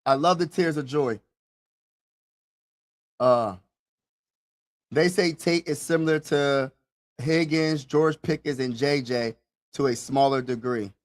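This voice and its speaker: A young man hosting a live draft reaction stream, talking casually and excitedly straight to his viewers and repeating himself. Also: mid-range voice, slow pace, long pauses.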